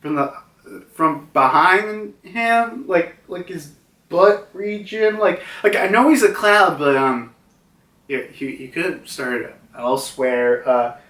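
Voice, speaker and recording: A man's voice: on the high side, expressive, slow, a bit bright. A man casually reviewing a comic chapter, rambling with many fillers and restarts. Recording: roomy, distant from mic.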